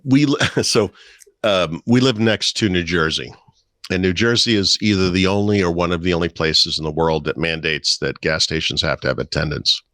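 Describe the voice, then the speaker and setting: A man's voice: deep voice, moderate pace, bright, forceful tone, no echo, clean studio sound. A middle-aged man and podcast co-host, telling wry anecdotes in casual chat. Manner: storytelling, wry, puts on voices in anecdotes.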